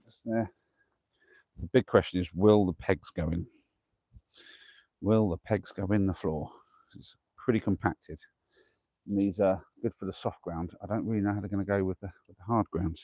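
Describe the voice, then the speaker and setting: A man's voice: low voice, fairly even intonation, normal speed, warm tone, no room sound. A man live-streaming a camping vlog outdoors at night, chatty and self-deprecating, talking through each task and huffing from the effort. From England. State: huffing from exertion. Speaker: camping vlogger.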